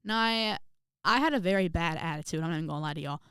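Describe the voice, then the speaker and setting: Sassy, animated young woman telling a story. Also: fairly low pitch, fast, clean tone, no room sound, studio quality. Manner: animated and sassy, with exaggerated outbursts. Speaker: vlogger. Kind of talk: storytelling vlog.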